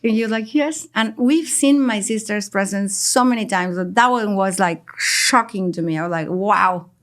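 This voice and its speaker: A woman's voice: mid-range voice, normal speed. A woman, a native Spanish speaker in her forties, telling stories with feeling as a guest in a casual conversation. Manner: emotional, animated storytelling.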